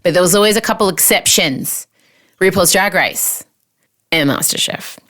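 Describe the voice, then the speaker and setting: A woman's voice: on the low side, normal speed, fairly bright tone. A woman in her forties with an Australian accent, hosting a podcast in a chatty, self-mocking storytelling manner. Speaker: podcast host. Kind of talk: casual monologue.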